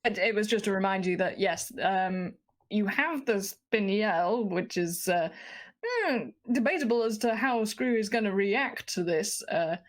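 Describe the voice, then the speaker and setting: A woman's voice: medium pitch, lively intonation, measured pace. Giggly woman running a tabletop game. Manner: chatty, giggly, apologetic. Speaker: game master.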